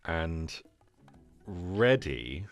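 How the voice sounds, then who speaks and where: A man's voice: low voice, sing-song, drawn-out words, soft background music. A man playing a tabletop game, hesitant and stammering as he explains his move. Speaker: player. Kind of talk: casual tabletop chat.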